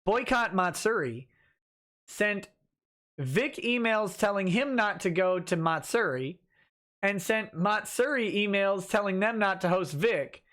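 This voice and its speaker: A man's voice: sits high, expressive, measured pace, fairly bright tone. A man hosting a livestream, reading viewer comments aloud and answering them casually with restarts and chuckles. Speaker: livestream host reading chat.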